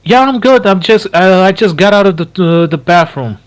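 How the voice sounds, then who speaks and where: A man's voice: sits high, expressive, normal speed. Male caller in voice chat, casual, repeats phrases, restarts, reassuring tone. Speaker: voice chat guest. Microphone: computer headset over voice chat.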